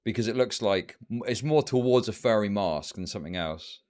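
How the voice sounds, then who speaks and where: A man's voice: lowish voice, fairly quick, a little mellow. A man streaming live commentary, ranting at his chat in heated, profane bursts. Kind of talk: livestream commentary.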